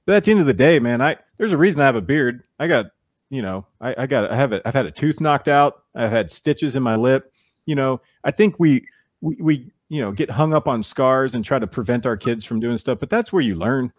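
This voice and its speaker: A man's voice: mid-range voice, brisk, no echo, studio quality. A man, a baseball player being interviewed, chatting casually and acting out the voices of people in his stories. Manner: animated storyteller who acts out quoted voices.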